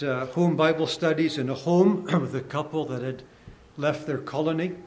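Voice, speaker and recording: A man preaching a sermon in an earnest, deliberate way, rising for emphasis and dropping softly at the ends of phrases. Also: fairly high pitch. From Canada.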